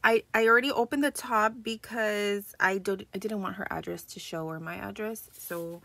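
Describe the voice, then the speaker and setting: Young woman vlogger, gushing and excitable, bright voice, chatty unboxing tone. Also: mid-range voice, normal speed, creaky, no echo. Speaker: crafting channel host. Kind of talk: casual unboxing vlog.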